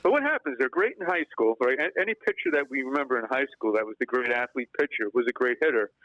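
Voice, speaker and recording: Lively co-host, a man. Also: mid-range voice, fast, dry recording, lo-fi sound. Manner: chatty, asks questions back, agrees readily. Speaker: podcast co-host. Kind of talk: casual sports chat.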